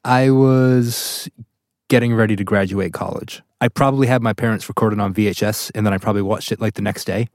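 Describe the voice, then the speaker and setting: A man is a guest on a podcast and chats easily, telling good-humored stories. His voice sits a little lower than most men's. The recording is close and dry. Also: brisk, no room sound. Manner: good-humored, animated storyteller. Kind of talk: casual podcast chat.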